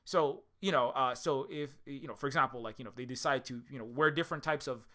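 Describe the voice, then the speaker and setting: A man's voice: medium pitch, fast, bright, forceful tone. A man talking in a rambling casual monologue, full of restarts, tangents and self-mocking asides. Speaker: game developer and commentator.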